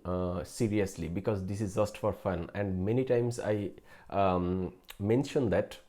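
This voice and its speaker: A man's voice: lowish voice, mellow. A man in his late twenties hosting a live stream about math, answering viewers casually and hesitantly, with many fillers, restarts and chuckles. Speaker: math channel host.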